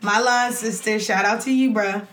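A woman guest on a podcast, chatting excitedly and gushing with thanks, laughing often. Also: medium pitch, moderate pace, slight background noise. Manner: gushing, exuberant, with frequent laughs and "y'all". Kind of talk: excited casual chat. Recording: echoey room.

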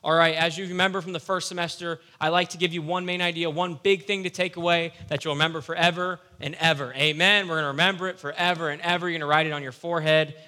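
A young man preaching a casual, animated sermon with playful asides. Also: fairly high pitch, fast, few pauses. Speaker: youth pastor.

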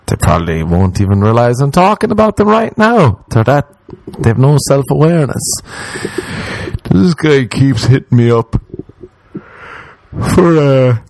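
A man's voice: mid-range voice, very animated, unhurried, darkish tone. A man, a comedian ranting in a profane, exasperated way and mimicking the people he talks about. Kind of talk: rambling comic rant.

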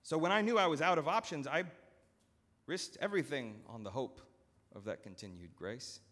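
Preacher doing a smooth scheming steward guy, eager patter, bouncy pitch, big church echo. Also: animated, normal speed, fairly bright tone, natural voice. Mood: contrite. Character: slick scheming male steward, fast-talking. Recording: long church hall reverb.

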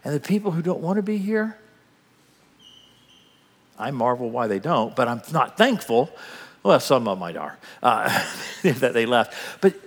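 A man preaching a sermon in a dramatic, animated way, acting out the scene as he goes. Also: medium pitch, measured pace, pauses often, breathy edge, in a large hall. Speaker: pastor.

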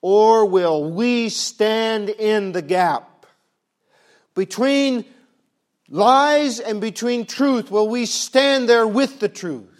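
A man preaching a sermon with emphatic rhetorical questions, swinging from booming lines to hushed ones, with a folksy turn of phrase. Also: drawn-out words.

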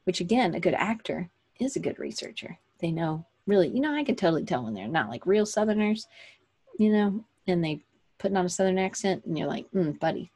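This woman's voice is low with big pitch swings, brisk, mellow, and edged with breath. She's hosting a casual live online session for creative business owners, rambling chattily with lots of fillers and self-corrections.

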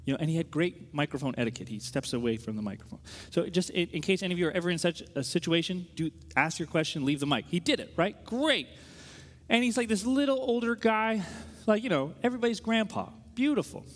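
A man preaching as a pastor, telling a story in an animated, conversational way full of quick asides. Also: high voice, long reverb tail. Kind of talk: sermon storytelling.

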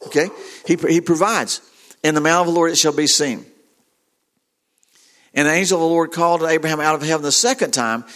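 A middle-aged man preaches a sermon with a slightly high voice. He is earnest and halting, often repeating words as he retells a story. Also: a bit bright.

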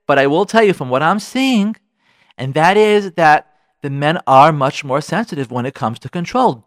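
A man's voice: a little high, animated, normal speed, dry recording, studio quality. A man hosting a radio advice show, talking frankly and getting worked up as he addresses listeners directly. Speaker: radio show host giving marriage advice. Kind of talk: animated advice talk.

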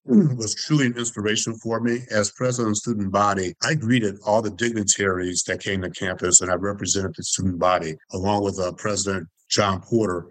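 A man in his sixties from Detroit speaks in a fairly low voice. He builds his stories with emphatic repetition. The sound is dry and close, with no room around it. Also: no echo, poor audio. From Detroit, Michigan. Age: 60s. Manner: emphatic, repeats phrases for effect. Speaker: interview guest. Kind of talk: reflective storytelling.

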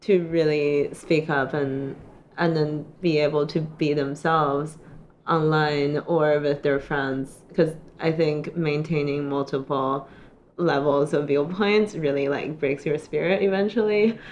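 A woman illustrator on a podcast panel, talking casually with many "like"s and sudden pitch jumps. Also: steady tone, a little slow, a little mellow, lo-fi sound, a little hiss or hum.

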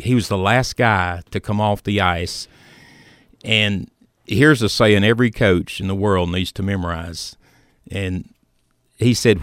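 Low-voiced man telling a sports story. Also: no room sound, clean studio sound. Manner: storytelling, measured, with fillers. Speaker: sports radio host. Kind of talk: casual sports talk.

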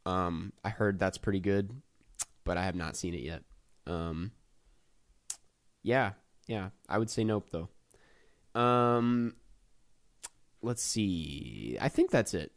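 A man's voice: low voice, animated, slow, pauses often. Loose, laughing male podcast host. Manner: loose, lots of ums and laughs. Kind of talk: casual chat.

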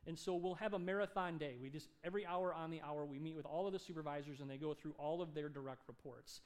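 A male pastor preaching a sermon, telling a story with animated delivery and acted-out dialogue. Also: fairly high pitch, fast talker. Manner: animated, acts out dialogue in his stories.

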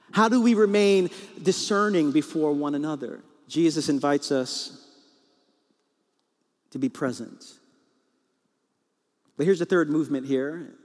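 A man's voice: fairly high pitch, a little slow, pauses often, darkish tone. A man in his forties preaching a sermon, telling a comic story about his marriage and acting out the voices in it. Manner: storytelling with comic acted quotes. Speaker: pastor. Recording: long reverb in a large hall.

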